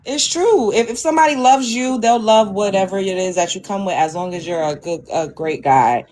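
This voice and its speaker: A woman's voice: mid-range voice, normal speed, darkish tone, slight background noise. A woman co-hosting a casual chat, playful and teasing, laughing easily.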